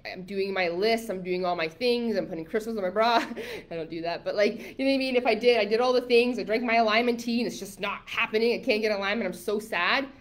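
Casting: woman, live masterclass coach, chatty and emphatic, mid pitch. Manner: chatty and emphatic, many likes and rights; reads viewer comments aloud.

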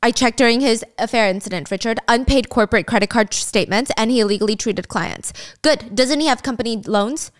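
Female storyteller, casual and sarcastic, a bit high-pitched, loose and animated. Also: a little fast, few pauses. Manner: chatty, sarcastic asides, swears and laughs. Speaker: storyteller recapping a drama.

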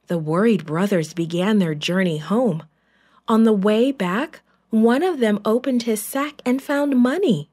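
Slow, expressive woman storyteller. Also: medium pitch. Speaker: children's storyteller. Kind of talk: reading a Bible story to children. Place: church.

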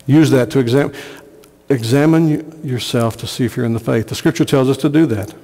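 A man's voice: mid-range voice, fairly quick, dark tone, husky, big-room sound. A man preaching a sermon as pastor, earnest, repeating phrases for emphasis. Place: church sanctuary.

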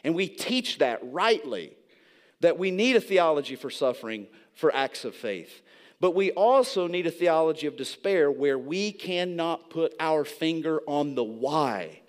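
A man's voice: fairly high pitch, animated, a little slow. A man preaching a sermon as pastor in a church, earnest and repeating key phrases for emphasis. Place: church sanctuary.

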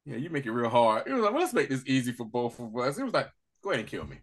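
A man co-hosting a casual recap podcast, animated and laughing as he acts out scenes in quick voices. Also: medium pitch. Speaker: podcast co-host.

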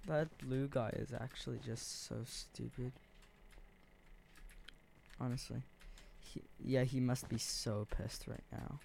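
Slow, rambling gameplay commentator. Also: mid-range voice, fairly even intonation, gravelly, a little mellow, slight background noise. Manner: rambling, thinking aloud with fillers. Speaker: gaming video creator.

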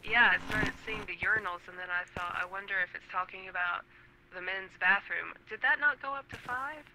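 A woman playing along as a guest co-player, chatty, excitable and quick to poke fun at herself. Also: medium pitch, background noise. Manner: chatty, excitable, self-mocking. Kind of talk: casual gaming chat.

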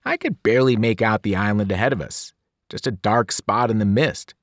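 A man, a teacher, reading a novel aloud in an expressive, dramatic way, sometimes dropping to a whisper. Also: lowish voice, fairly quick, dry recording, clean studio sound. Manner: dramatic, with whispered and shouted voices. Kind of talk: expressive read-aloud narration.

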